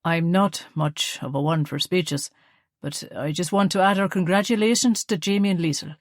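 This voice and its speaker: A woman voicing a shy, soft-spoken Irish father making a short speech. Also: lowish voice, moderate pace, no echo, studio quality, lightly acted. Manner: shy, brief.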